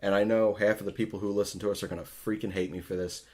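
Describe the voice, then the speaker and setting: Male podcast host, low voice, profane and exasperated rant. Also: flat delivery, fast talker, darkish tone.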